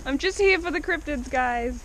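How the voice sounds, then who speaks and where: A woman's voice: high voice, moderate pace, fairly bright tone, a little hiss or hum, low-quality recording. A woman vlogging as she explores an overgrown cemetery outdoors in the rain, chatty and exclamatory, talking straight to her viewers. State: out of breath while walking. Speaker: cryptid-hunting vlogger. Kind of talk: casual vlog commentary while exploring.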